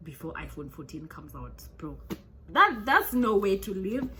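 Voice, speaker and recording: A woman's voice: mid-range voice, very animated, unhurried, pushed and bright, slight background noise. A woman, a vlogger telling a true crime story in a chatty, joking way with many asides.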